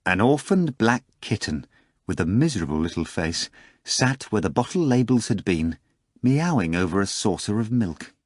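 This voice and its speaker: A man narrating an audiobook in measured storytelling style. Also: lowish voice, very animated, darkish tone, no echo, clean studio sound.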